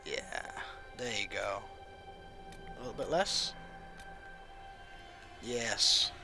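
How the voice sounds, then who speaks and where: Male let's-play host, relaxed and chatty, game music clearly underneath. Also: medium pitch, drawn-out words. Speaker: gaming channel host. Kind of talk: casual let's-play commentary.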